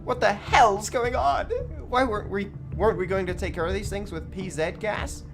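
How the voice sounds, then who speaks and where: Guy putting on a squeaky freaked-out cop yelling into his radio, game music under it. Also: lively intonation, fairly quick. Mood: panicked. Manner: frantic, shouting reports. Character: panicked male police officer on the radio.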